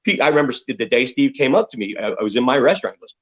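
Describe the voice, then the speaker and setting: This interview guest, a U.S. rock musician in his fifties, talks very fast in a medium-pitched voice, and the sound is lo-fi. He's an animated, profane storyteller sharing candid tales.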